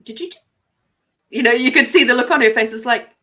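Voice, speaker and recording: A woman with an Australian accent, hosting a podcast and telling a personal story in a soft, reflective way, sometimes dropping to near whispers. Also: a little high, fast talker. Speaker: podcast host. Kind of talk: casual storytelling.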